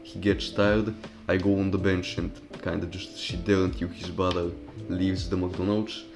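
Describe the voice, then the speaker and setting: Low-voiced young man swearing through a story. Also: little pitch movement, normal speed, over music. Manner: profane, rambling, with loose restarts. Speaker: storytime commentary YouTuber. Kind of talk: casual storytelling over gameplay.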